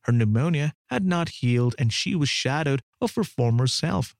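A man giving a dramatic documentary narration in an expressive, swooping delivery. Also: mid-range voice, normal speed, vocal fry, dry recording, studio quality.

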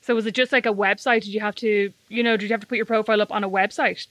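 A woman co-hosting a podcast, bantering quickly and teasingly in casual conversation. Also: mid-range voice, steady tone, fairly bright tone, no room sound. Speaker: podcast co-host. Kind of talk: casual chat.

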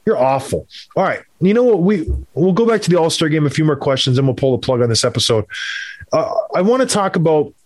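A man hosting a casual sports podcast, opinionated and rambling, with quick asides. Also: on the high side, no room sound. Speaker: podcast host.

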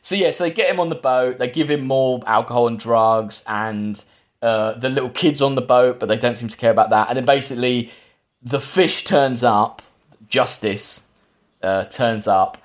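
A man's voice: medium pitch, moderate pace. Man, podcast host, rambly casual film recap. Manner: rambling plot recap with fillers and restarts. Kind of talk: casual film review chat.

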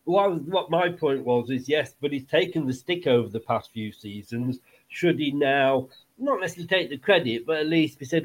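A man hosting a casual football podcast, chatty and quick to laugh. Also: a little high, lively intonation. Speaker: podcast host.

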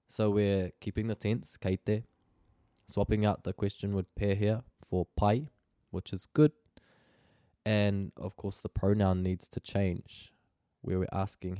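Kiwi guy teaching a language, real slow and patient, low mellow voice. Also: no room sound, clean studio sound. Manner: slow, patient explaining with careful pronunciation. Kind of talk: language lesson.

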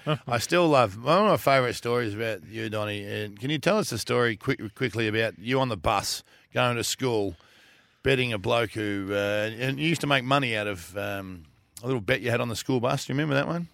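An Australian co-host with a gravelly, bright voice, ribbing his guest and laughing easily. The sound is dry and close to the mic, with no room around it. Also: medium pitch, brisk, dry recording. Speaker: podcast co-host. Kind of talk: casual podcast banter.

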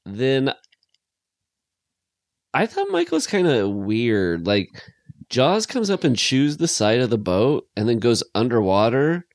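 A man's voice: mid-range voice, wildly swooping pitch, slow pace, pauses often, dry recording. Laid-back male podcast co-host, dry close sound. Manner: rambling, laughing recap of movie scenes. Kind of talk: casual comedic chat.

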